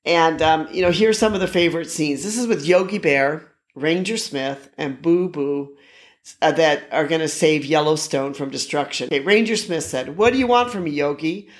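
A man's voice: fairly high pitch, normal speed. A man hosting and narrating casually, rambling with many fillers and restarts. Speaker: host.

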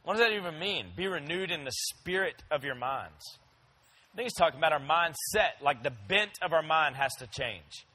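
A man's voice: a little high, animated, moderate pace, sharp tone. A young man, preaching a sermon in a loose, conversational way and slipping into playful voices as he tells stories. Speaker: pastor.

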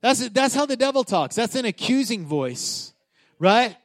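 A man's voice: extremely high pitch, big pitch swings, measured pace. A man in his thirties, a pastor preaching a sermon in a casual, emphatic way, often restarting his sentences.

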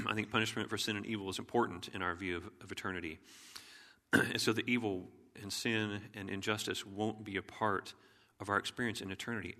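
A man preaching a sermon as pastor in an earnest, measured way, often clearing his throat. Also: on the low side, pushed and bright. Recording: long hall reverb.

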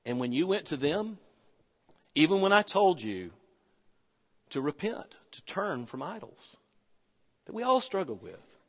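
A man preaching in a lively sermon, his fairly high voice leaping up and down with great variety. He moves from loud, pressing points to hushed, low phrases. The sound rings with a long hall reverb. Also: unhurried, long pauses. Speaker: pastor.

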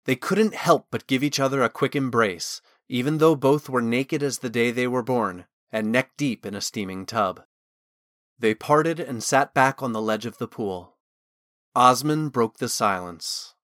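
A man narrating a fantasy novel as an audiobook, with measured, expressive storytelling. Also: medium pitch, dry recording, studio quality. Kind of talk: scripted narration.

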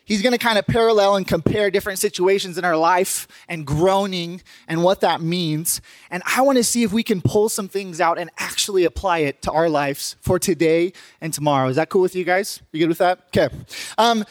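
A man's voice: high-pitched, no room sound. A young man, a pastor, giving a casual sermon that talks to the congregation and jokes with it. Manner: casual, joking, speaks to the congregation.

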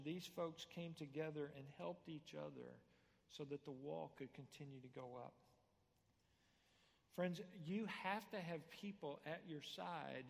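A man, a pastor, preaching a sermon in a church sanctuary, telling stories and moving between quiet asides and loud punchlines. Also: fairly high pitch, vocal fry, big-room sound.

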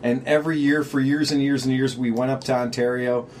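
A man's voice: medium pitch, steady tone, fairly quick, darkish tone, slight background noise. Sarcastic, profane man on a podcast. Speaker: podcast co-host. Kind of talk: casual chat.

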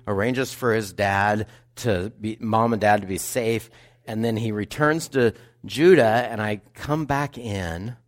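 Pastor, male, lowish voice; reads scripture, then muses and questions the congregation. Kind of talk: sermon. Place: church sanctuary.

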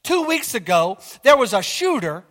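A man's voice: very high voice, big pitch swings, normal speed, fairly bright tone. A man preaching a fiery sermon as pastor, emphatic and often asking his congregation whether they are listening. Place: church. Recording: long hall reverb.

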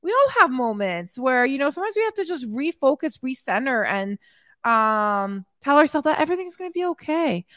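A woman's voice: high-pitched, sing-song, normal speed, a bit bright, no room sound, clean studio sound. A woman fitness coach on a live stream, reading out her clients' wins, cheering them on and getting emotional. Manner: upbeat cheerleading, hyping people up; emotional, heart on her sleeve. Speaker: fitness coach and podcast host. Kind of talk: live stream chat, reading viewer comments. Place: home in Mexico.

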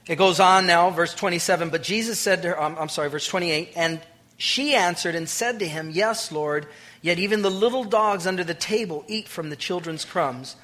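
A male pastor preaching a sermon, swinging between loud declarations and hushed, intimate lines and acting out the voices in his stories. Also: high-pitched, normal speed. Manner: acts out quoted voices.

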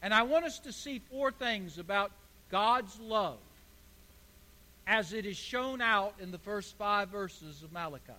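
A man preaching a sermon as pastor, emphatic and building to forceful declarations. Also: high-pitched, lively intonation, a little slow. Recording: hall reverb.

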